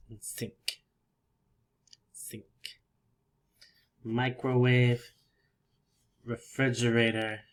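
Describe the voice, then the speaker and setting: Slow, patient male English teacher. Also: medium pitch. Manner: patient, repeats words slowly, soft laughs. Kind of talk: slow, simple language lesson.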